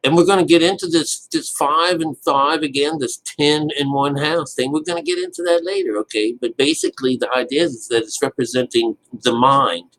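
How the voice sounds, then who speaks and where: A man's voice: a little high, moderate pace, few pauses, a bit bright, rough recording. A man giving a casual, rambling Bible commentary, full of restarts and loose swearing. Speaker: Bible teacher.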